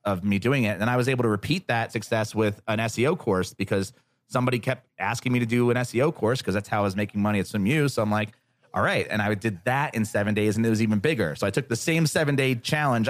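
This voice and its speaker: A man as a podcast guest, telling a story in a casual interview, animated and profane, often acting out what others said. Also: fairly low pitch, no room sound. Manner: animated, profane, acts out quoted voices.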